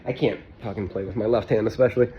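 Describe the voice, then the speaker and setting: A man's voice: lowish voice, steady tone, fast talker, highs cut off, over music. A man from the United States in a rambling, casual monologue, swearing often and out of breath from illness. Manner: profane, rambling, with frequent fillers. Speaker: vlogger.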